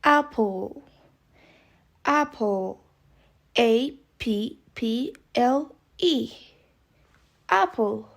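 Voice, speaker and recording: A woman's voice: a little high, expressive, drawn-out words, vocal fry, long pauses. A woman teaching English vocabulary, saying each word several times and spelling it out letter by letter. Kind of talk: vocabulary lesson, slow spelling drills.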